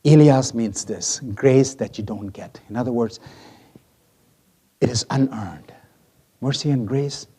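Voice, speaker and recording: Middle-aged male preacher, warm husky tone, dramatic storyteller who drops to a hush. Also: mid-range voice, unhurried, long pauses. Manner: dramatic storytelling, swings from loud to hushed. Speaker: pastor. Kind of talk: sermon.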